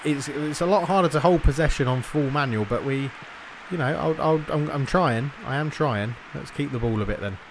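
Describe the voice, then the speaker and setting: A man's voice: fairly high pitch, normal speed, hardly any pauses, background noise. A young man giving casual gameplay commentary, thinking aloud and slipping into mock match commentary. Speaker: gaming YouTuber.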